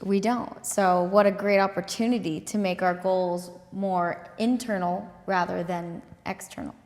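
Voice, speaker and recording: A woman's voice: mid-range voice, fairly even intonation, a little slow, darkish tone. A woman co-hosting a podcast, chatting casually and adding reflective comments. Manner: brief agreeing replies and reflective comments. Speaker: podcast co-host. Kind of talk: casual chat. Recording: room with long reverb.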